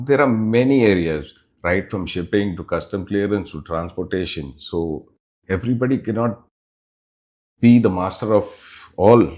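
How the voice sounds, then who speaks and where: A middle-aged man with a fairly low, darkish voice is interviewed as the head of a business unit. He explains his points in a measured way, pausing between phrases.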